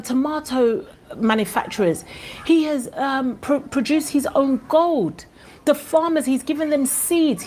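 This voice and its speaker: A woman's voice: high-pitched, a little mellow, slight background noise. A woman from Ghana with a Ghanaian accent, giving an impassioned commentary vlog in a passionate, indignant way. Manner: passionate and indignant, with fillers and restarts. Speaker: vlogger.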